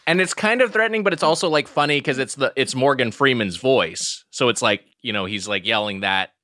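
A man co-hosting a podcast, riffing with quick asides in casual chat. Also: medium pitch, pushed and bright, no room sound, studio quality. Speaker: podcast co-host.

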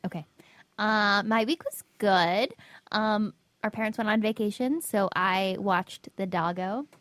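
A woman's voice: medium pitch, a little slow, fairly bright tone, dry recording. Laid-back young woman, dry chat. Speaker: podcast co-host. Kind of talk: casual chat.

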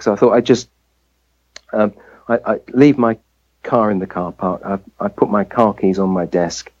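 Telling a personal story as an interview guest, a family physician from England performs the voices of the people he quotes. He has a lowish voice with a dark tone, and the recording's highs are cut off.

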